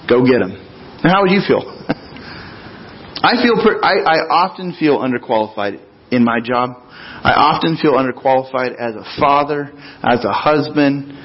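A man's voice: on the high side, slightly rough. A man preaching a conversational sermon as pastor in a church, acting out quotes with folksy asides. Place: church sanctuary. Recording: dull lo-fi recording.

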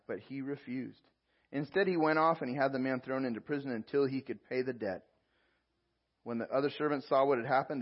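A man's voice: mid-range voice, husky, highs cut off. A man preaching as a pastor, reading scripture aloud and explaining it verse by verse. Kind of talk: sermon.

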